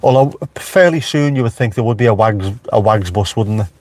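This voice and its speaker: A man's voice: lowish voice, a little fast, a little mellow. A man with a Liverpool accent, chatting casually on a live stream from inside his car with wry asides to viewers. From Merseyside, England. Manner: chatty, wry, talks back to live chat.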